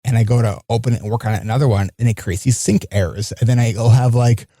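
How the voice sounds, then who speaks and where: A man's voice: medium pitch, fairly even intonation, fast, warm tone, no echo, studio quality. A man hosting a podcast in casual chat, rambling and often restarting his sentences. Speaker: podcast host.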